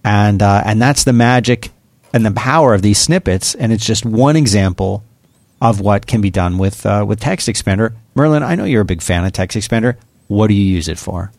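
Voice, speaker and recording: A man's voice: lowish voice, a little fast, vocal fry, darkish tone, no room sound. A man hosting a podcast, reading a sponsor spot in a chatty way, explaining step by step with a few jokes. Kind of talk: casual ad read on a podcast.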